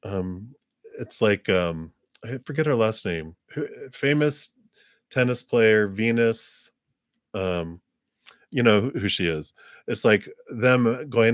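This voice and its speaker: Male tarot reader on a live stream, low voice, very dry close sound, rambling and filler-heavy, quick little laughs. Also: animated, no room sound. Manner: rambling, loose, many ums and "you know"s; breaks into little laughs, acts out quoted reactions. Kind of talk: live-stream card reading.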